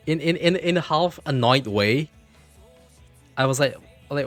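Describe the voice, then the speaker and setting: A man livestreaming from his computer, telling a story in an animated way, repeating himself and swearing freely. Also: on the high side, moderate pace, pauses often, faint music behind.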